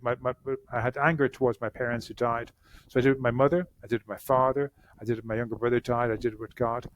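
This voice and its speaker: A man speaks as a therapist on a podcast. His voice sits at an ordinary middle pitch, and his delivery is earnest. He often restarts his sentences with repeated words. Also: fairly bright tone, no room sound. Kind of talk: conversational interview answers.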